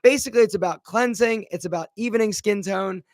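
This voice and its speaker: A man's voice: sits high, fairly quick, no room sound, clean studio sound. A man, a brand founder, answering viewer questions in a casual live Q&A, chatty and full of fillers. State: a bit out of breath.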